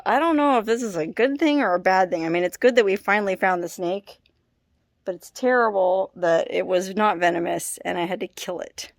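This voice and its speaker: A woman's voice: mid-range voice, vocal fry, dry recording. Apologetic woman vlogging. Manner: distressed, apologetic, with nervous laughs. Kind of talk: casual vlog talk to camera. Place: hot house and shaded yard.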